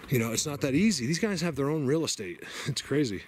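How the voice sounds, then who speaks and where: A man's voice: mid-range voice, sing-song, quick pace, darkish tone, slight background noise. A man vlogging while hiking in snowy mountain woods, out of breath, chatty and rambling, laughing often. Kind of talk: outdoor hiking vlog.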